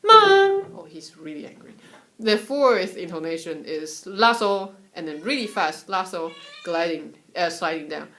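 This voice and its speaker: A young woman from Taiwan giving a casual, chatty lesson on Mandarin tones at home, sometimes singing syllables to show the pitches. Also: moderate pace. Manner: relaxed, chatty, breaks off to soothe her cat; sings syllables and solfege to demonstrate tones. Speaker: Mandarin tone teacher.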